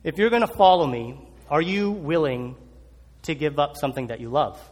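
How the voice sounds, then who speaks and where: A man voicing God as a solemn, slow inner voice that gives commands. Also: a little high, a little mellow, long reverb tail, voice pushed down, lightly acted. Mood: solemn, hushed. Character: divine inner voice, calm and commanding.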